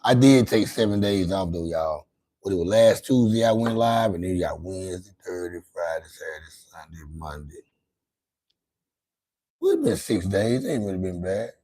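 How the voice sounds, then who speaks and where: A man with grown children runs a casual late-night livestream, rambling and swearing in a loose way while often repeating and restarting his words. He has a low, mellow voice with big pitch swings and a moderate pace, and the audio is poor.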